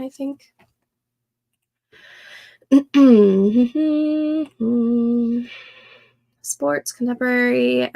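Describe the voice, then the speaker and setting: A young woman hosting a casual co-working livestream, thinking aloud and reading chat comments in a soft, soothing voice. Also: high voice, creaky, no echo. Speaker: livestream host.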